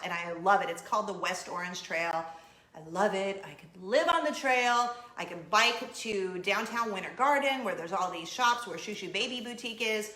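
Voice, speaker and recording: A woman in her forties hosting a casual vlog, telling giddy stories with animated acted-out quotes. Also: medium pitch, reverberant. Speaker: vlog host. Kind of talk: casual chat to camera. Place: home in Orlando.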